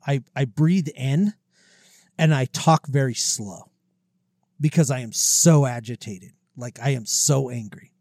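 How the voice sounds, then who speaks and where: Podcast co-host, male, slightly high voice, blunt and profane, dry booth sound. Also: dry recording. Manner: blunt, swears freely, jokes about himself. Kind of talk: casual chat. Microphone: close podcast mic, breathes into it.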